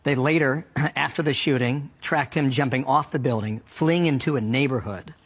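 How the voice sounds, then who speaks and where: Male anchor, husky voice, methodical news delivery. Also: mid-range voice, normal speed. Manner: briefing a co-anchor point by point. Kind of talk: news report.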